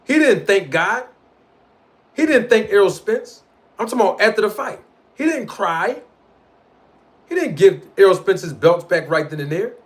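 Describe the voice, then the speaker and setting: A man's voice: high-pitched, normal speed, pauses often. A man hosting a live stream, arguing his point about a boxing feud in slangy street talk and calling out to the people in his live chat. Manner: animated, argumentative, addresses live chat directly. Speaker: livestream host. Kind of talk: boxing commentary livestream.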